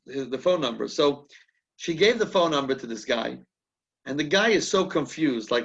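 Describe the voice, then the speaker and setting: A man's voice: a little high, animated, normal speed, creaky, a bit bright, slightly rough, lo-fi sound. A man leading a rabbinic class, telling a story in a chatty way and often restarting his sentences as he thinks aloud. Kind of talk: conversational teaching with anecdotes.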